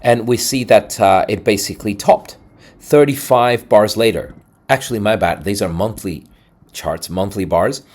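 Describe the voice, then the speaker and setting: A man hosting a crypto trading video, talking casually and energetically over charts with a salesy pitch. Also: moderate pace. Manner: energetic, salesy, lots of "right?" and "boom".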